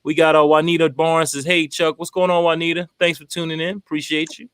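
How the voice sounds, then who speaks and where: A man co-hosting a casual talk show, offering relaxed advice and greeting viewers by name as he reads their comments. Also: fairly high pitch, fairly quick, clear, resonant tone, no room sound. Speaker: co-host reading viewer comments.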